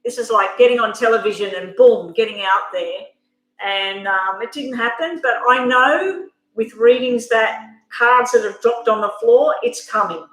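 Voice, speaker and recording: A woman with a slightly high, somewhat bright voice speaks at a normal speed as she hosts a live tarot reading stream. She chats candidly and emotionally, addressing her viewers directly while reading cards. The room has an echo.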